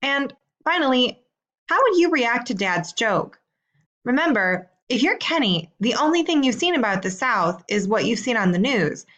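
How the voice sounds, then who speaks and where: A woman teacher reading out homework questions in a slow, clear, deliberate way. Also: a little high, very animated, fairly bright tone, muffled recording. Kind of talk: recorded assignment instructions.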